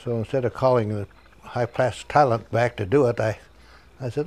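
An older man recalling his ride-writing work in an interview, halting and chuckling as he talks. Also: mid-range voice, fairly even intonation, a little mellow. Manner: halting, many restarts and chuckles. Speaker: interviewee, former ride writer. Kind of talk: interview recollection.

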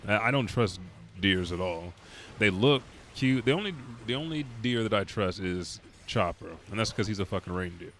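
A man's voice: lowish voice, animated, moderate pace, a bit bright, a little hiss or hum. Tired, profane, rambling young man. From Oklahoma, US. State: tired from staying up all night. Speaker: gaming streamer. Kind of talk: casual storytelling while playing.

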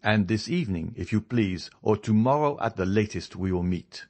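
A man's voice: fairly low pitch, animated, moderate pace, darkish tone. A man voicing a proud young nobleman in an audiobook, demanding and insistent, his anger held in. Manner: insistent, demanding, stifled rage. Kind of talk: audiobook character reading.

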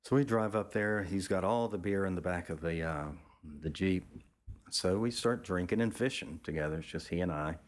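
A man, a photographer, telling a casual, rambling story with frequent restarts and the odd swear word. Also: normal speed. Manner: acts out other people's lines in a raised pitch.

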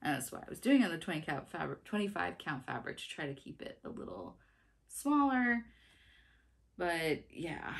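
Casual vlogger woman, 30s, lower voice with a bouncy, expressive pitch, chatty and giggly. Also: fairly quick, gravelly. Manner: chatty, laughs often, restarts sentences. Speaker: cross-stitch vlogger. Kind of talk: casual chat.

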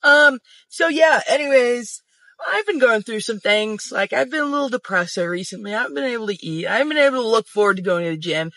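A man's voice: very high-pitched, animated, a little fast, bright, forceful tone, dry recording. A man telling a storytime monologue to camera, venting emphatically and swearing freely. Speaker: social media storyteller.

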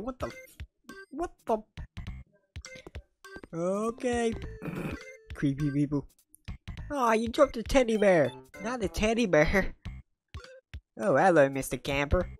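Woman host, casual let's-play commentary, lowish voice with a lively swing, excitable. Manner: excitable, swears, blurts out reactions. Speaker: gaming channel host.

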